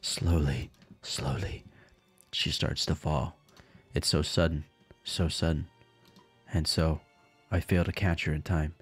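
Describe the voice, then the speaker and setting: A man's voice: very deep voice, steady tone, slow, long pauses, slightly rough, faint music behind. A man streaming a visual novel, reading it aloud dramatically and breaking into crude, jokey asides.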